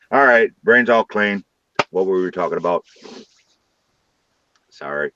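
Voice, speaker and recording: Livestream host, male, low voice, rowdy crude banter, dull lo-fi audio. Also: lively intonation, a little slow, background noise. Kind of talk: casual live-stream chat.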